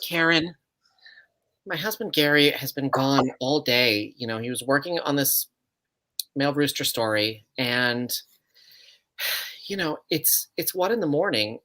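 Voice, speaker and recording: A man's voice: mid-range voice, expressive, measured pace, long pauses, bright, forceful tone. A man voicing a worried wife who talks hesitantly and sighs a lot. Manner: sighing, hesitant, lots of fillers. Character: worried wife waiting up at night.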